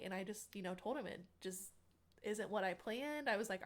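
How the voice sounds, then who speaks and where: A woman's voice: medium pitch, brisk. A young woman, an interview guest, tells a personal story in a chatty way, full of "like" and acted-out quotes. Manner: chatty, many "like" fillers, acts out quotes. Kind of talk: casual storytelling.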